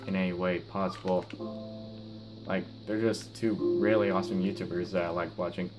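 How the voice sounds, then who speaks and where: A teenage boy with a low, deep voice talks slowly through his gameplay, halting and restarting with lots of fillers. His mouth is sore after dental surgery, and guitar music plays under his voice. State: sore mouth after wisdom teeth removal. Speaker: gaming YouTuber. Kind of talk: casual gameplay commentary.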